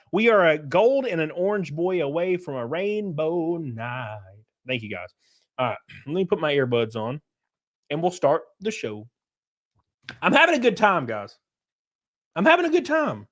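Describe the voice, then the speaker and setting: A man's voice: fairly high pitch, expressive, moderate pace. A young man hosting a livestream, talking in a blunt, profane and rambling way. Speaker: livestream host. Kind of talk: casual commentary stream.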